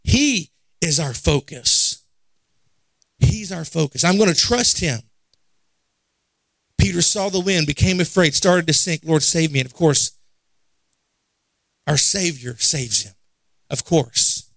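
A man's voice: a little high, animated, takes it slowly, vocal fry, pauses often, a bit bright, dry recording. A man preaching a conversational sermon, asking the congregation questions and repeating phrases for emphasis.

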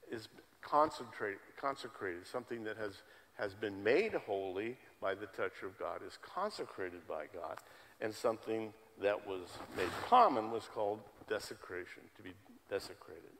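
A man's voice: on the low side, animated, moderate pace, a bit bright. Emphatic male pastor in a reverberant hall. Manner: emphatic, repeats key words for stress. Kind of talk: sermon. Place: church sanctuary with congregation.

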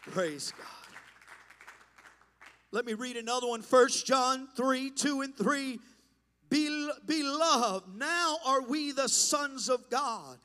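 A man preaching a sermon in a church, impassioned and building to shouts over a slow, deliberate delivery. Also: very high-pitched, animated, clean tone, in a large hall, a faint crowd. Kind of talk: pentecostal-style sermon. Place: church sanctuary.

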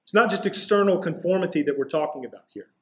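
Male pastor, expository sermon, slightly higher voice, emphatic on key lines. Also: lively intonation, quick pace. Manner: expository preaching, rising intensity on key points.

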